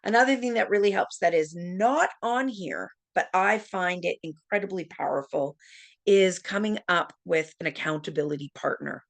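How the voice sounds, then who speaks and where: Lively woman telling a story in a webinar. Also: fairly low pitch, moderate pace, vocal fry. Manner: lively storyteller, acts out dialogue. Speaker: webinar presenter. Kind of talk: storytelling presentation.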